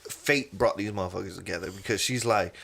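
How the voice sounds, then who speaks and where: A man's voice: deep voice, a little fast, creaky, husky. A man, telling a long story on a podcast in casual chat and acting out the people in it. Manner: animated storyteller, acts out others' voices. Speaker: podcast co-host.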